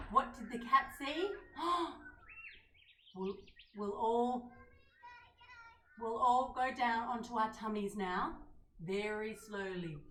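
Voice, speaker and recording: A woman leading a children's yoga lesson in a gentle, coaxing way, asking the kids questions as she guides them. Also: medium pitch, a little hiss or hum. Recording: roomy sound from a distant mic.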